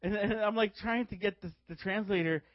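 A man preaching a sermon, telling stories in a lively way and laughing often as he goes. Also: sits high, fairly quick, no room sound, lo-fi sound. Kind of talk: sermon with storytelling.

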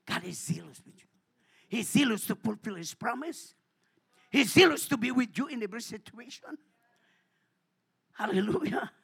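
A man preaching a sermon in church, repeating hallelujah between phrases and swinging from hushed asides to shouted calls. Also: sits high, expressive, normal speed, gravelly, pauses often, breathy edge. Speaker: pastor.

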